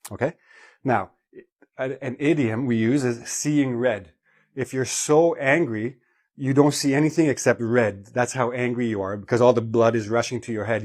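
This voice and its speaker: A man gives an English vocabulary lesson in a medium-pitched voice. He explains each word patiently and keeps checking in with the listener. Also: a little mellow. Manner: explanatory, checks in with "okay?" and "right?". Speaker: English teacher.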